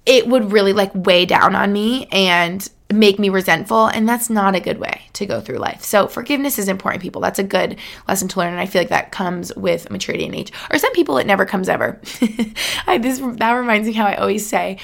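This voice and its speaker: A woman in her twenties talks to her audience in an earnest, chatty way, full of fillers and little laughs. Her voice sits at an average pitch with a gravelly vocal fry running through it. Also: a little fast. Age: 20s. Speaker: vlogger. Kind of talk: casual talk to camera.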